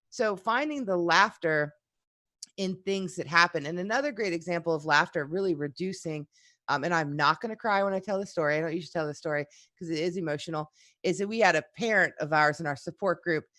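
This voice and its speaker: A woman's voice: fairly low pitch, no echo. Lady teacher, chatty, acts out the quotes, dry close sound. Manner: animated storyteller, acts out quotes. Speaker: psychology instructor. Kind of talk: casual chat.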